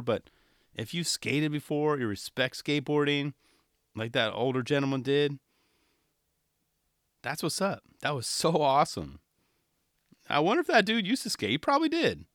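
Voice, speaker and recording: Male podcast host, thirties, bright, animated, dry close sound. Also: mid-range voice, no echo. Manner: enthusiastic, rambling, animated with quoted voices. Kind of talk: casual solo podcast talk.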